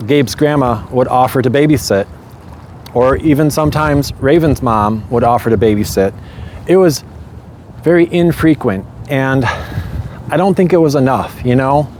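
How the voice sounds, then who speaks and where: A man's voice: mid-range voice, a little mellow, slight background noise. A young man candidly telling his own life story in a casual, reflective way, often adding "you know" and small nervous laughs. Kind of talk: casual spoken memoir.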